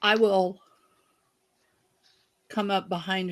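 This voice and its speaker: A player in a tabletop game, speaking slowly and deliberately. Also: medium pitch, gravelly, a bit bright. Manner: slow, deliberate.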